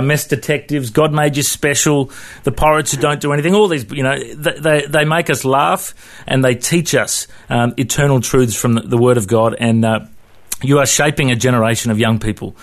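An Australian man hosts a radio interview in a relaxed, colloquial manner. His voice sits at an ordinary middle pitch. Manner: chatty, colloquial. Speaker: radio show host.

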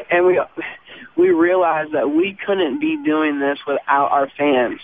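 A man from a band giving earnest, reflective answers in a faith interview, slowing down to stress key words. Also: fairly high pitch. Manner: earnest, reflective, slows for emphasis. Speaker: band member guest. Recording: tinny phone-line sound with faint noise.

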